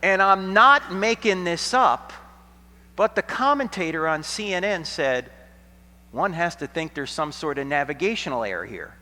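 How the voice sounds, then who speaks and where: A middle-aged American man giving an apologetics lecture to college students, telling stories dramatically, sometimes hushed and sometimes nearly shouting, with a sarcastic edge. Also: fairly high pitch, animated, normal speed, a little hiss or hum. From United States. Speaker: Christian apologetics speaker. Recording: long hall reverb.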